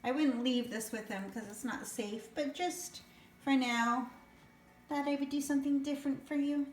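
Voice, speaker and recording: A woman's voice: high-pitched, moderate pace, a little mellow. A woman talking to her pet bird in sing-song baby talk, coaxing and cooing at home. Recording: roomy with faint noise.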